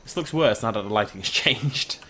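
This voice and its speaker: A man giving excitable, chatty gameplay commentary and talking to the animals on screen. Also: fairly low pitch, moderate pace, a little hiss or hum. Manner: excitable, chatty, talks to the creatures. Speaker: gaming YouTuber. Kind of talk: game commentary.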